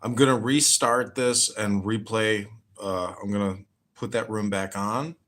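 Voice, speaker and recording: Man host, low voice, rambling jokey sign-off, sometimes off-mic. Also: a bit bright. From Illinois. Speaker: podcast host. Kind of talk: casual live-stream sign-off.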